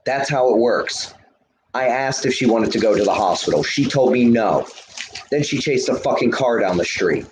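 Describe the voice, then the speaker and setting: A man talks straight to his live chat in a heated, profane rant, lecturing viewers as he smokes. His voice sits at an ordinary middle pitch. The room around him is echoey, with a faint ambient hum underneath. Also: lively intonation, moderate pace. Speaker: livestreamer.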